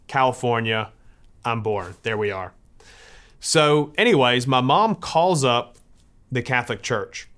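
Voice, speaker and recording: Conversational American man telling a story. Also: medium pitch. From United States. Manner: conversational, lively when quoting others. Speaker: speaker telling his faith story. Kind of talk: personal storytelling.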